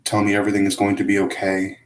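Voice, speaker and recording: A man talking to camera in a hesitant, self-critical confessional monologue, full of pauses and restarts. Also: fairly low pitch, completely flat delivery, echoey room, low-quality recording. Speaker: vlogger.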